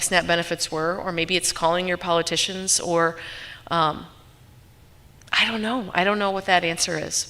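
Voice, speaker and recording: In a church sanctuary, a woman pastor preaches an informal, earnest sermon to her congregation, speaking conversationally with frequent asides. Her voice is lowish, bright and forceful.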